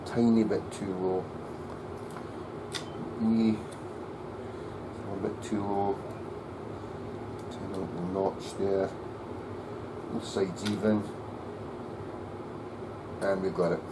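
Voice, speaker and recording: A man working as a luthier, muttering to himself as he sets up a bass in his workshop. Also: level tone, very slow, pauses often, background noise. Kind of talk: workshop commentary.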